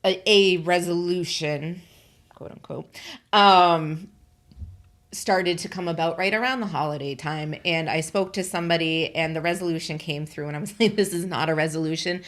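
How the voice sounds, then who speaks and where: Woman podcast co-host, lowish voice, vents animatedly and laughs. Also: moderate pace. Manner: animated, exasperated storytelling with laughs. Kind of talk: casual chat.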